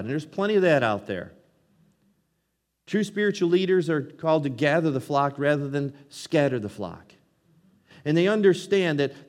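Preaching man in a reverberant hall. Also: a little high. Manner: earnest preaching, reads scripture aloud, swings between loud and hushed. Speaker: pastor. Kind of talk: sermon.

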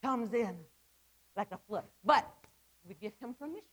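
A woman's voice: on the high side, lively intonation, normal speed, breathy edge, rough recording. A middle-aged woman giving a testimony sermon to women, impassioned and repetitive, with stammered restarts. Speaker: women's ministry speaker.

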